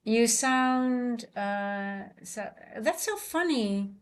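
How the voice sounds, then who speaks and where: A woman's voice: on the high side, lively intonation, extremely slow, clean tone. Dutch woman, trading streamer, loose chatty delivery, reads chat aloud, fixes her own slips mid-sentence. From Netherlands. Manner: chatty, self-correcting, reads and answers live chat.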